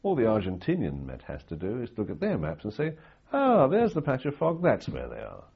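Older man voicing a patient military weather officer; low, husky, slightly muffled recording. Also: wildly swooping pitch, fairly quick, heavily acted. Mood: explaining. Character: calm male military weather officer explaining.

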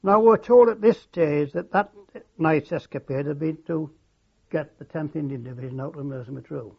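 An older man recalling his wartime service in an oral history interview, halting and reflective, with many fillers and restarts. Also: fairly high pitch, gravelly, husky. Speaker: war veteran interviewee. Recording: dull lo-fi recording.

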